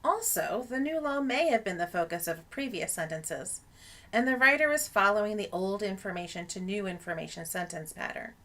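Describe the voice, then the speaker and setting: A woman narrating a scripted lesson on academic writing as an instructor, in a clear explanatory teaching tone. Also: mid-range voice, big pitch swings, normal speed, fairly bright tone.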